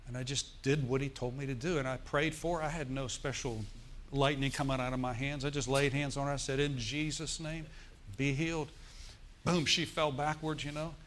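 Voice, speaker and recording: A man's voice: mid-range voice, steady tone, a little fast, a bit bright, a little hiss or hum. A middle-aged male pastor preaching a sermon in a church, telling a story with emphatic bursts.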